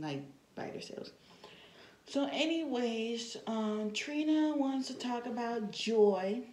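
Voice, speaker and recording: A woman's voice: mid-range voice, dark tone, roomy sound, slight background noise, poor audio. A woman recapping a reality TV episode in a casual, chatty way, full of fillers and blunt asides. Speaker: TV show reviewer.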